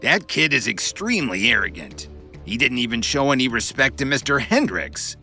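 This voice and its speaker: A man's voice: mid-range voice, very animated, normal speed, bright, forceful tone, soft background music, voice pushed up, full character voice. A man voicing a spoiled, boastful young man who whines and exaggerates to his father in an audiobook. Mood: whining. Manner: whining, pleading, exaggerating. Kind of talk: audiobook narration.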